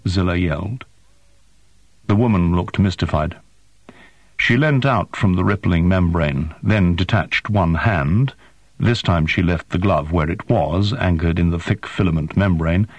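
Slow, low-voiced male audiobook narrator. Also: no room sound. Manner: measured, descriptive reading. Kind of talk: scripted narration.

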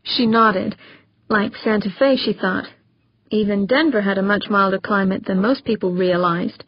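A woman's voice: medium pitch, fairly even intonation, normal speed, husky, no echo, muffled recording. Woman narrating an audiobook, dry sound. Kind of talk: scripted narration.

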